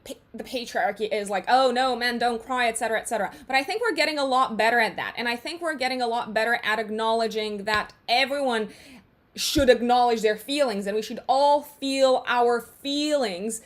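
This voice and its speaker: A woman's voice: a little high, fairly quick. A young adult woman talking casually to viewers as an astrologer, chatty and full of fillers and restarts. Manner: chatty, frequent fillers and restarts, laughs at herself.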